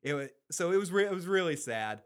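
A man casually recapping a TV episode, with animated, profane storytelling. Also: a little high, fast, smooth. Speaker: podcast co-host.

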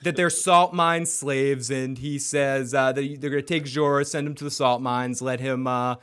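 A man's voice: mid-range voice, steady tone, normal speed, fairly bright tone, clear, resonant tone. A man co-hosting a casual TV recap podcast, animatedly retelling scenes from an episode. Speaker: podcast co-host.

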